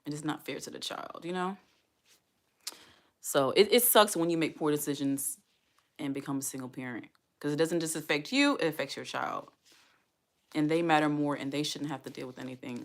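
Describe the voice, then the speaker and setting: Low-voiced earnest woman vlogger. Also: moderate pace. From United States. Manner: earnest, heartfelt, repeats herself for emphasis. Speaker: single mom vlogger. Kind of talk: casual livestream talk to viewers.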